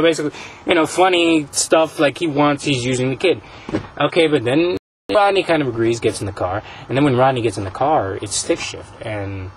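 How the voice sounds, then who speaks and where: Rambling man pitching a story. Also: a little hiss or hum, rough recording. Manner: rambling, filler-heavy storytelling. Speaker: podcast host.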